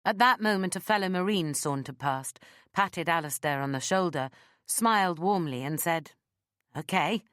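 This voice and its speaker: A woman narrating a first-person audiobook, with a low voice and a very dry, close sound. She reads with lively storytelling energy. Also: normal speed, clean tone, no echo.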